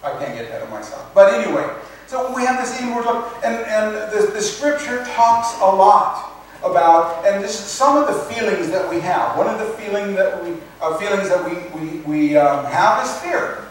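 A high-voiced man preaches slowly and earnestly, stumbling and repeating words as he works through scripture. He sounds distant from the mic, in a very echoey room with faint background noise. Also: animated. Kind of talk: sermon.

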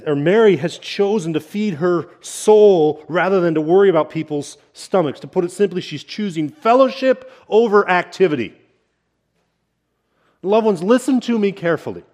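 A middle-aged senior pastor preaching a sermon in a conversational way, often checking in with "right?" and building to emphatic points. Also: male voice, sits high, a little mellow.

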